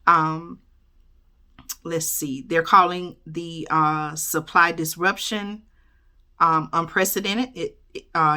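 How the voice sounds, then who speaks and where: A woman's voice: fairly low pitch, sharp tone. A woman, casually reading a news article aloud and commenting on it, often tagging on "okay?" and "y'all" and correcting her slips. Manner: chatty, keeps adding "okay?" and "y'all", stumbles and corrects herself. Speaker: YouTube host reading news.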